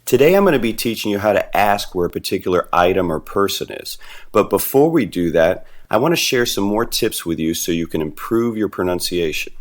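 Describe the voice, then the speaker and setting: A man narrating an animated beginner language lesson in a clear, deliberate teaching manner. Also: lowish voice. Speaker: Spanish teacher.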